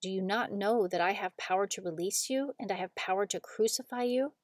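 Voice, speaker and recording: A woman's voice: mid-range voice, fairly quick, no echo, natural voice. A woman reading as a stern Roman governor. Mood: questioning.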